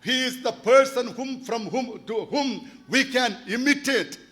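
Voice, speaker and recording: High-voiced pastor in his sixties. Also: a little slow, fairly bright tone. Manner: earnest, repeats key phrases for emphasis. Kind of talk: sermon. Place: church.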